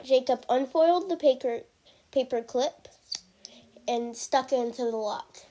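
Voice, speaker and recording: A woman's voice: sits high, measured pace, dark tone. A woman improvising a story aloud, hesitant with frequent restarts.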